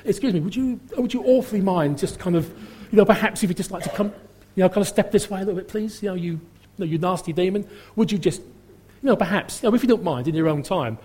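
A male preacher putting on the voice of a dithering, overly polite British gentleman who hesitates and apologizes as he speaks. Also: high-pitched, expressive, fast talker, a little hiss or hum, pitched above the performer's own voice.

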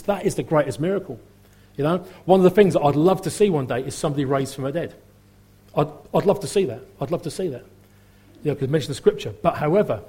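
A male preacher with a husky, mellow voice that sits fairly high delivers a sermon at a church service before a congregation. His style is conversational, and he puts questions to the people listening.

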